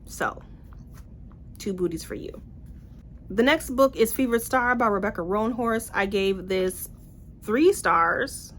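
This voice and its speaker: A young woman casually reviewing books in a vlog, blunt and animated, with swearing and playful asides. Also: mid-range voice, takes it slowly, long pauses, slight background noise. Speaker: book reviewer.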